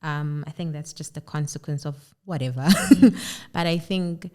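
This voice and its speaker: This mom blogger, a guest on a parenting podcast, has a low, dark, clear and resonant voice with a steady, unhurried delivery. In a heartfelt conversational interview, she speaks earnestly and encouragingly in affirmations.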